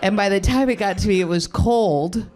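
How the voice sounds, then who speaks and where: A man's voice: high voice, moderate pace, darkish tone, a little hiss or hum. A sleep-deprived man doing a rambling, self-deprecating stand-up set with crude stories. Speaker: stand-up comedian. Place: comedy club stage.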